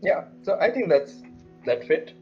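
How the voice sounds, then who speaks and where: A man chats as a player in a tabletop game, hesitant and dry. His voice is a little high. The recording is muffled voice chat with music faintly underneath. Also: big pitch swings, unhurried.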